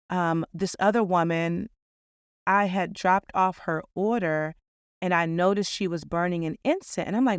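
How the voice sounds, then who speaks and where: Woman podcast host, earnest and upbeat, smooth voice, dry close sound. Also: lowish voice, normal speed, no room sound. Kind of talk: reflective podcast monologue.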